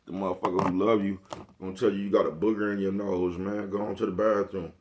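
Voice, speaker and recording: A man's voice: sits low, level tone, fast talker, dull audio, a little hiss or hum. A man talking in a laid-back monologue, full of profane slang and repeated check-ins with the listener. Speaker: vlogger. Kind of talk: casual monologue.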